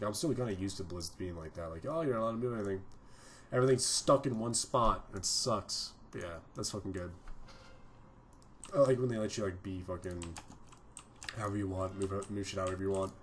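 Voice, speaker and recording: A man's voice: fairly low pitch, slight background noise. A young man giving rambling, profanity-laden casual commentary over his own gameplay video. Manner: rambling, swears a lot. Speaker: gaming video host.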